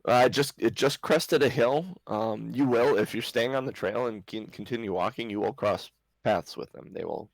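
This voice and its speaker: A man's voice: lowish voice, moderate pace, vocal fry, no room sound, poor audio. A man narrating as game master for a tabletop game, hesitant with many restarts. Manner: hesitant, lots of restarts and ums.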